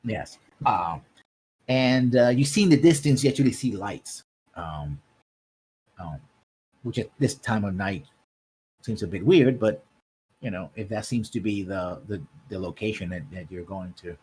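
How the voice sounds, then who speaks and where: A man with a somewhat low, husky voice narrates a tabletop game as its game master. He lays out scenes step by step, stopping often to check in with his players, and his tone stays descriptive and easygoing. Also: lively intonation, unhurried, pauses often, a little mellow. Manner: descriptive, keeps checking in with "right?".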